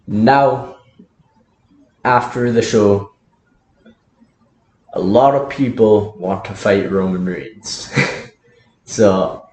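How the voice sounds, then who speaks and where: A man's voice: fairly low pitch, a little mellow. A man casually telling a story to camera, chatty and laughing often as he hurries through the details. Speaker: wrestling fantasy booker. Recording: roomy echo, faint background hiss.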